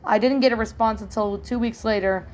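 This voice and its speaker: A woman's voice: on the high side, fairly even intonation, brisk, darkish tone, slight background noise. A woman narrating a horror story in a plain, earnest reading style. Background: faint music.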